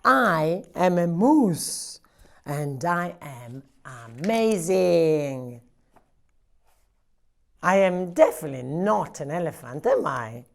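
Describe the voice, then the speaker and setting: A small, stubborn storybook mouse, as a woman reading aloud puts him on, who talks in an insistent, playful way. The voice sits a little low and moves through lively pitch swings. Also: slow, vocal fry, exaggerated voice. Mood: proud.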